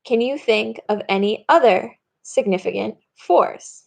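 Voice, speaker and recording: A woman's voice: a little high, unhurried, gravelly, a little mellow. A woman rabbi giving a recorded lesson, explaining steadily and reading verses aloud. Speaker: rabbi and teacher. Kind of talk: recorded teaching talk.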